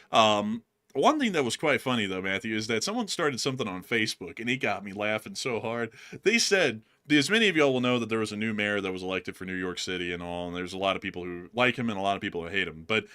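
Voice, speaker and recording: A man's voice: medium pitch, pushed and bright. A man hosting a casual war-news commentary stream, chatty and rambling, laughing often. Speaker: host.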